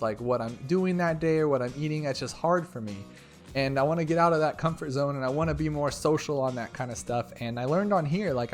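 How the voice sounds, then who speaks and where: Excitable rambling gaming YouTuber man. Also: mid-range voice. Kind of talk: rambling game commentary.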